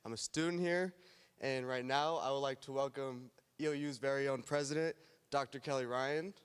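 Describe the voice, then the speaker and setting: A man's voice: mid-range voice, steady tone, moderate pace, smooth, in a large hall. A young man, a student, formally introducing a speaker on an event stage. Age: young adult.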